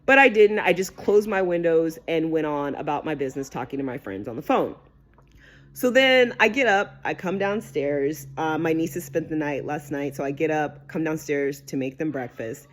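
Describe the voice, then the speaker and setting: Animated, swearing woman telling a story. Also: low voice, moderate pace. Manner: animated, emphatic, peppered with swearing and "right?". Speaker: vlogger. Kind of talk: casual storytelling to camera.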